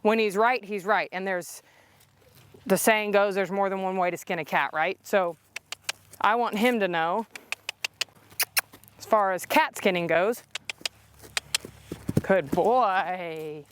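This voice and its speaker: A woman's voice: mid-range voice, a little slow, pauses often, background noise. A woman horse trainer explaining her method while working a horse on an outdoor cross country course, coaxing and praising the horse between explanations.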